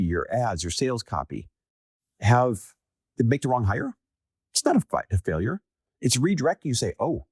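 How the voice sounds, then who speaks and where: A man's voice: mid-range voice, slightly rough, no echo, studio quality. Emphatic man giving motivational business talk. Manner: emphatic, repeats key phrases for stress. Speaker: podcast host.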